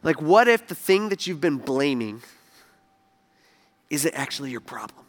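A male pastor preaching a sermon in an animated way, acting out the voices he quotes and swinging between loud and soft. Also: a little high, measured pace.

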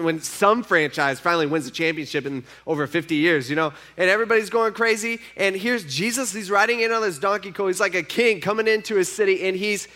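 A man preaching a sermon in a conversational way, moving from hushed, slow remarks to loud, emphatic ones. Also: high voice. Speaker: pastor.

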